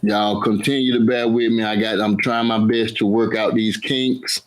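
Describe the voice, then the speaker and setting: A man's voice: fairly low pitch, level tone, moderate pace, low-quality recording. A man hosting his cooking channel's live stream, chatting casually, greeting viewers by name and repeating his phrases over and over.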